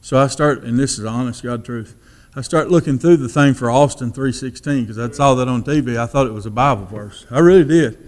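A man giving his testimony as a sermon, in a folksy storytelling manner that drops to a hush for quoted thoughts. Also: medium pitch, fairly quick.

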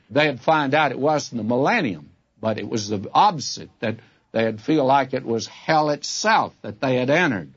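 Preacher, male, husky voice, animated delivery, dull lo-fi old recording. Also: mid-range voice. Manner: earnest, folksy direct address to listeners. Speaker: Bible teacher. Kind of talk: radio Bible teaching.

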